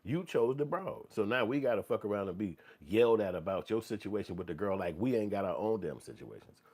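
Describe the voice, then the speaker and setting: A man's voice: lowish voice, fairly quick. A man hosting a commentary show, ranting bluntly and profanely and mocking people in put-on voices. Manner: blunt, animated, swings into mocking quoted voices.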